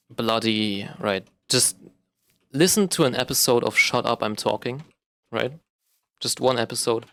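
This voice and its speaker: Young man, lowish voice, smooth and clear, casual rambling monologue, frequent ums and self-corrections. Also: a bit bright. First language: German. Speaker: vlogger.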